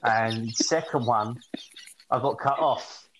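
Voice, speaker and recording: A man from England co-hosting a podcast, telling crude stories in an animated way, swearing and laughing at his own jokes. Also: mid-range voice, takes it slowly, noisy background. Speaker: podcast co-host. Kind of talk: crude comedic casual chat.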